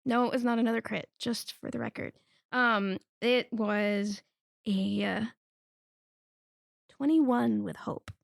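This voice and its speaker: A woman's voice: on the high side, steady tone, slow pace, creaky, pauses often, dry recording, studio quality. A woman playing a tabletop game who speaks in an enthusiastic drawl. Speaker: player.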